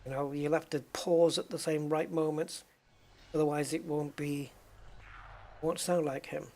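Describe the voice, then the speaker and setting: A man's voice: fairly high pitch, little pitch movement, measured pace, darkish tone. A man chatting casually to his viewers while playing a game, rambling from topic to topic. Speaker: gaming streamer. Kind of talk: casual livestream chat while gaming.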